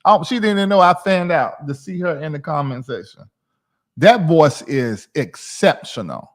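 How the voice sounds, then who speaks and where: A man's voice: on the high side, moderate pace. Guy in his 40s hosting a livestream, chatty and all over the place, talks to viewers by name. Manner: rambling, animated, talks to chat viewers by name. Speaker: livestream host. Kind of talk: casual livestream chat.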